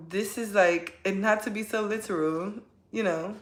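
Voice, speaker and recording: A woman's voice: mid-range voice, moderate pace, roomy sound, faint music behind. A woman giving a casual tarot reading from home, talking straight to her viewers in a chatty, heartfelt way. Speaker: tarot reader. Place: at home, kids nearby.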